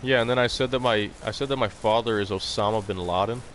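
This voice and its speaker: A man's voice: fairly low pitch, fast talker, fairly bright tone, a little hiss or hum. A young man streaming a hunting game, chatting in a rambling, blunt and profane way. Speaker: gaming live streamer. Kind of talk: casual live-stream chat.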